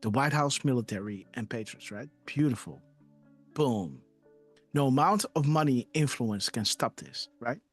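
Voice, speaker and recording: A man's voice: a little high, no room sound, studio quality. A man hosting a live online show, reading posts aloud in emphatic casual commentary and often adding "right?" and "you know". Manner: emotional, trailing off softly at ends.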